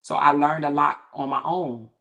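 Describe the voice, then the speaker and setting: A middle-aged woman with a low, deep-set voice hosts her own livestream, speaking in a casual commentary style from a home setup. She talks candidly and with emphasis, and her pitch shoots upward when she turns indignant. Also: fairly even intonation, moderate pace, gravelly, bright, forceful tone. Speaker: livestream host.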